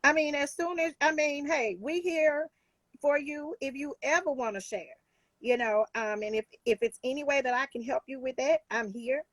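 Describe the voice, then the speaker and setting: A woman's voice: high voice, moderate pace, a bit bright, no room sound. A woman life coach talking in a casual talk show, emphatic and heartfelt, with many restarts.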